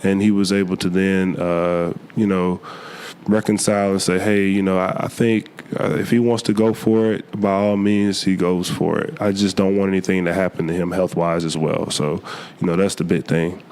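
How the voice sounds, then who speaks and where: A young man, a college football player, answering interview questions earnestly, a little hoarse from a cold, with many fillers and restarts. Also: low-pitched, level tone, moderate pace, a little mellow. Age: young adult.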